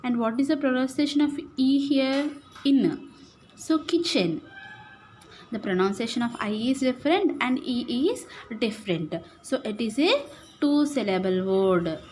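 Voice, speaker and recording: A woman teacher with an Indian English accent, slowly explaining syllables to young pupils and often checking that they follow. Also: high voice, lively intonation, darkish tone, a little hiss or hum. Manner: slow, repetitive, checks understanding with "right?" and "okay". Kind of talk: classroom lesson, explaining syllables.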